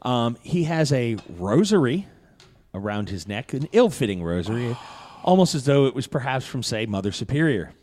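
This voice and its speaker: A man narrates a tabletop game as its game master. His pitch rises and falls a lot, and his delivery is loose and full of fillers. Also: moderate pace. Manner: animated, loose storytelling with fillers.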